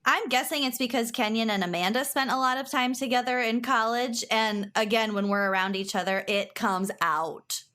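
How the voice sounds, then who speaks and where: A woman's voice: a little high, moderate pace, few pauses, bright, forceful tone. A woman with a Minnesotan accent telling stories in casual podcast chat, laughing often. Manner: chatty storyteller, laughs often. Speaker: podcast guest.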